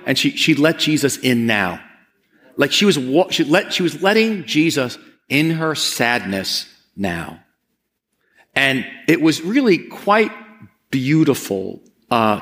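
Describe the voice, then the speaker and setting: A man's voice: a little high, a bit bright. A man preaching a conversational sermon as pastor, earnest and often repeating words as he presses a point.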